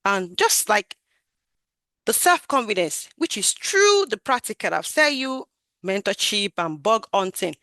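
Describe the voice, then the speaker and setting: A woman gives an animated, emphatic talk over a video call about growing her career as a QA tester, raising and lowering her voice for emphasis. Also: measured pace, no room sound. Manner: animated, emphatic, varies her loudness and projection. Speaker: QA tester sharing career story. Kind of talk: talk on a webinar.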